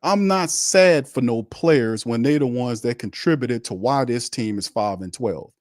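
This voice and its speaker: A man with a mid-range, slightly slow voice hosts a sports show and launches into a heated, blunt rant on a live watch stream. He is fiery and repetitive, hammering his points and mocking the other side with scornful asides. The recording is clean studio sound with no echo.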